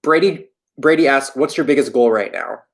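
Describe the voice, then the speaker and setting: A man's voice: medium pitch, normal speed. Young guy on a livestream answering viewer questions, rambly and self-deprecating, just chatting from home. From Florida. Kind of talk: casual livestream chat. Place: home in New York.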